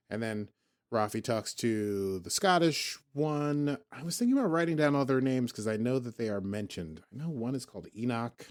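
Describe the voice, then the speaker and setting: A man's voice: mid-range voice, expressive, moderate pace. Rambling, jokey man hosting a podcast. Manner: rambling, jokey, often restarts sentences. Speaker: podcast host. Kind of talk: casual chat.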